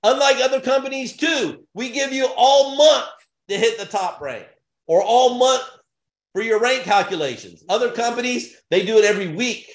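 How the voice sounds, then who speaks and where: A man giving an energetic business opportunity pitch in punchy, repetitive short phrases with bursts of excitement. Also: normal speed. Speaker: sales presenter. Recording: roomy echo.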